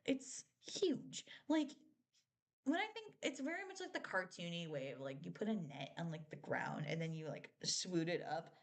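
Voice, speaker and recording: A woman's voice: on the low side, sing-song, normal speed. A young woman chatting casually on a live stream, rambling with lots of filler words and frequent giggles. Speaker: streamer reviewing a TV show.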